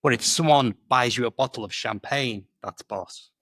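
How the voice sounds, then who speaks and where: A man in a middle pitch talks about everyday British expressions in a chatty, lively way. He laughs easily and drops in lots of "do you know". The sound is dry and close. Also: moderate pace, no room sound. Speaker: English coach and guest.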